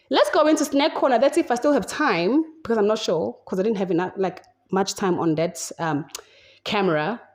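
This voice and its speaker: A woman's voice: fairly high pitch, darkish tone. Chatty South African woman podcaster. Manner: rambling, unscripted and chatty. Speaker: podcast host. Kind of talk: casual solo podcast monologue.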